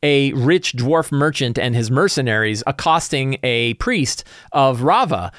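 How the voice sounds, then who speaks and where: A man hosting a podcast chats loosely about running a tabletop campaign, wandering into quick asides as he goes. His voice sits at an everyday middle pitch. The recording is dry and close, with no room sound. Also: lively intonation, fairly bright tone, no echo. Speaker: podcast host and game master.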